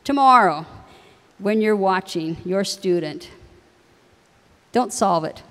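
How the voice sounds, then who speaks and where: Middle-aged woman speaker addressing parents, anecdotal and chatty, mid pitch, echoing auditorium. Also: animated, slow. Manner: warm anecdotal delivery with laughs. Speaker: university president's wife speaking to families. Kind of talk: storytelling speech to parents. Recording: long hall reverb.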